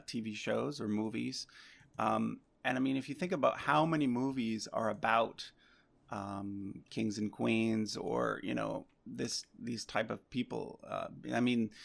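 A man speaks in a loose, rambling podcast conversation, full of fillers and easy asides. His voice carries a heavy gravelly fry, sitting at an ordinary pitch for a man. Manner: relaxed, rambling with many fillers. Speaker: podcast guest, history chart maker.

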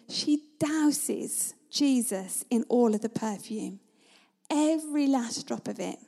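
A woman preaching a sermon in a conversational, storytelling manner, at times dropping to a hush. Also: a little high, lively intonation, takes it slowly, vocal fry. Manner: conversational, vivid storytelling, sometimes drops to a hush.

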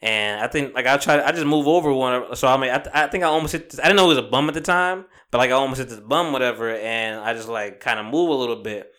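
A man's voice: medium pitch, fairly bright tone. A man hosting a podcast, chatting casually and telling a rambling story full of fillers and swearing. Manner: says he talks fast. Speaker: podcast host. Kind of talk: casual chat.

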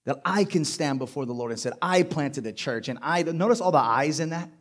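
A man preaching a sermon to a congregation, building from quiet points to loud, emphatic passages. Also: on the high side, animated, brisk. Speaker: pastor. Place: church hall before a live congregation.

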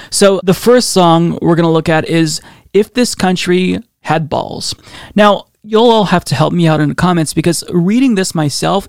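A man with a fairly high, gravelly voice hosts a podcast, talking casually with dry sarcasm and mocking asides. The sound is close and dry, with no room around it. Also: dry recording. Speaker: podcast host. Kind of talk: casual commentary reading song lyrics.

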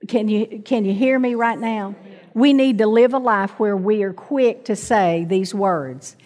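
A middle-aged woman preaches to a congregation in a medium-pitched, darkish voice at an unhurried pace. She calls out for amens and asks them to repeat after her, and her words trail off in a long reverb tail.

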